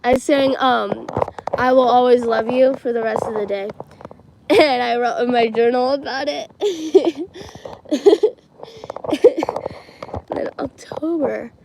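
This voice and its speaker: A woman's voice: high voice, takes it slowly, vocal fry, long pauses, background noise. A teenage girl telling stories on a livestream in a casual, chatty way, giggling often and filling her talk with "like" and "um". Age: teens. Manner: chatty, giggly, many fillers like "like" and "um".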